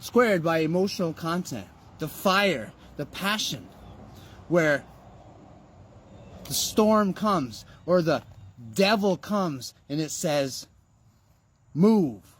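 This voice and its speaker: A man delivers a motivational monologue at a slow, deliberate pace, his somewhat high voice leaping up and down as he presses each point. He talks in an emphatic, preachy way, firing off rhetorical questions and the odd curse. Faint vehicle noise hums behind him. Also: lively intonation, a bit bright.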